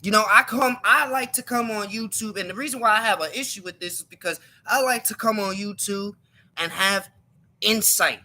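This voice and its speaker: A man's voice: sits high, moderate pace, pushed and bright. A man giving an emphatic opinion monologue on his live stream, often repeating and restarting his words.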